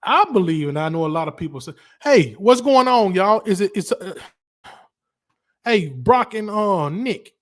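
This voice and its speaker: College football is the subject of this livestream host's rambling, lively rant, full of slang and delivered in a Southern accent. He's from Alabama, speaks in a high voice, and keeps a measured pace.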